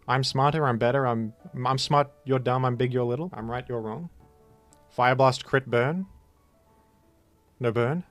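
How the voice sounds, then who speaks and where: A man's voice: mid-range voice, no room sound. A young man giving casual live commentary on his own competitive game, rambling and trash-talking his opponent in mock boasts.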